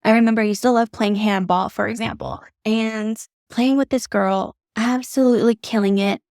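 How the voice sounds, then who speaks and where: A woman's voice: a little high, fairly even intonation, moderate pace, a little mellow, no echo, studio quality. A young adult woman hosting her own podcast, telling personal stories in a candid, heartfelt way with casual swearing. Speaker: podcast host, beauty artist. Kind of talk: solo podcast monologue.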